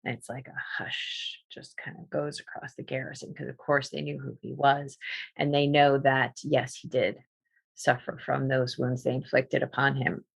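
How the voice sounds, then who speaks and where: A woman storyteller telling a folk tale in a lively, animated way, with asides to her listeners. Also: rumbling low, moderate pace, vocal fry, slightly rough. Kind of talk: oral storytelling performance.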